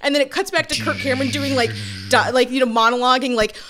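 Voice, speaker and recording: A woman co-hosting a podcast, chatting casually about a movie and acting out characters in quick voices. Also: high-pitched, fairly bright tone, slight background noise. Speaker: podcast co-host. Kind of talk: casual movie review chat.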